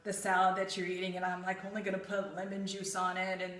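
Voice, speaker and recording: A woman's voice: lowish voice, monotone, quick pace, fairly bright tone, reverberant, distant mic. A woman co-hosting a live fitness show, talking in a chatty, casual way full of fillers. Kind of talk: casual live-stream chat.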